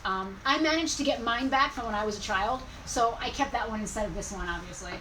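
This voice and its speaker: A woman co-hosting a toy store live sale, brisk and teasing in casual chat. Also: fairly high pitch, pushed and bright, far from the mic, poor audio. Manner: teasing, brisk, self-mocking. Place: inside a toy and collectibles store. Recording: off-mic with clear background noise.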